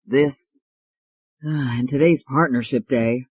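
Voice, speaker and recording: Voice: mid-range voice, takes it slowly, slightly rough, dry recording. A narrator voicing an earnest young male lawyer who speaks in a subdued way.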